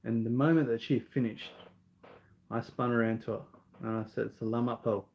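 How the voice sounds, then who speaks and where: A man's voice: mid-range voice, steady tone, moderate pace, vocal fry, darkish tone, rough recording. A man with an Australian accent answering viewer questions in a casual live Q&A, talking in an earnest, rambling way full of ums and restarts.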